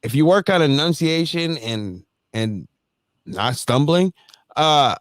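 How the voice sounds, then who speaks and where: A man hosting a casual livestream chat, animated and laughing often as he talks. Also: a little high, slow, dry recording, clean studio sound. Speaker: host.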